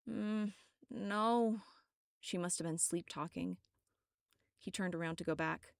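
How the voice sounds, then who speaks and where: A woman's voice: fairly low pitch, level tone, moderate pace, no echo, studio quality, close to an everyday voice. A woman reading an audiobook, voicing a frightened young woman who pleads and cries out from a nightmare. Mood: panicked screaming. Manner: pleading, shaky.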